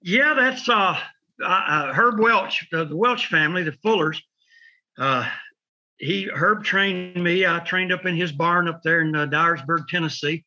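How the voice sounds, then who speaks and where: A man in his seventies, a podcast guest, telling stories in a folksy, drawn-out way. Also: sits high, sharp tone. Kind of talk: casual interview chat. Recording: dull lo-fi audio.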